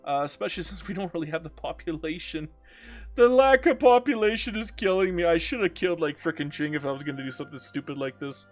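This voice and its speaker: A man with a fairly high voice streams a strategy game live. He chats casually, jokes with his viewers and reads their comments aloud. Faint music plays underneath. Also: fast. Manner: joking, talks to himself and reads chat aloud.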